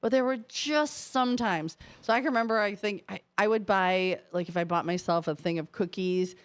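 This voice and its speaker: A woman's voice: medium pitch, moderate pace, smooth. Woman, middle-aged, radio co-host, casual on-air chat, storytelling, laughs often.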